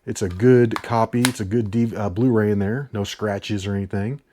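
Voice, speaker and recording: A man's voice: fairly low pitch, fairly even intonation, moderate pace, a little mellow, a little hiss or hum. A man casually chatting to camera about movies he watched and discs he bought, rambling with frequent restarts. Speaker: video host reviewing his disc purchases. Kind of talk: casual chat.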